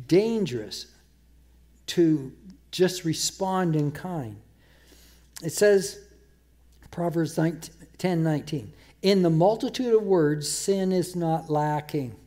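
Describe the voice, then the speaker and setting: A man preaching a sermon, emphatic, repeating words and slowing down to quote scripture. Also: on the high side, mellow. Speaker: pastor.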